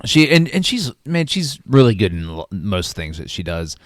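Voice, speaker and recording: Low-voiced man giving a halting film review. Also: big pitch swings, no room sound, clean studio sound. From Florida. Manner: halting, with many fillers and restarts. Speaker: podcast co-host. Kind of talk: casual film review chat.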